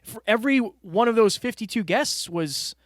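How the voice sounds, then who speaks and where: High-voiced man reflecting on a podcast. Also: animated, moderate pace, no echo, studio quality. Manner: earnest, reflective, talks to listeners directly. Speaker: podcast co-host. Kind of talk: casual podcast chat. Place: studio room with a whiteboard.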